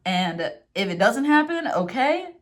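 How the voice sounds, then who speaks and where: A young adult woman giving a casual tarot reading, swinging between animated, swearing rants and soft, slow readings of affirmations from her card book. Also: on the high side. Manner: animated, swears freely, gets worked up then reads affirmations softly. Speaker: tarot reader.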